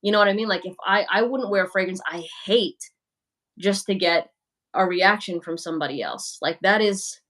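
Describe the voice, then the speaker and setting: At a normal speed and medium pitch, a young woman's slightly bright voice runs her livestream. She talks candidly and casually while answering comments, peppering her speech with "like" and "you know."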